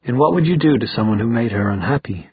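A man voicing a tired young man who talks haltingly and earnestly about his sister. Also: medium pitch, animated, husky, dry recording. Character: weary young man, protective brother. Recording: dull muffled sound, dry.

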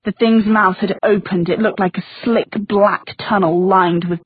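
A woman narrating a fantasy story in steady storytelling style. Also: medium pitch, measured pace, few pauses, breathy edge, dry recording. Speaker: audiobook narrator. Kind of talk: scripted narration. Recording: thin phone-like sound, dry.

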